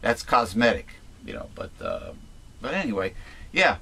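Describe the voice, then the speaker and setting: Halting man hosting a talk show. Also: on the low side, huge pitch swings, gravelly, bright, forceful tone, husky. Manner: halting, with many restarts and repeated words. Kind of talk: casual talk-show commentary.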